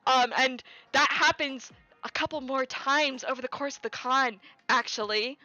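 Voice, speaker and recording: A young woman chats on a stream, spinning a rambling anecdote full of fillers and repeated words. Her voice sits a little high and sounds bright and crisp. The audio is slightly dull, with faint music playing underneath. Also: normal speed. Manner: animated, rambling with many fillers and restarts, quoting people in raised voice. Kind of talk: casual chat, storytelling.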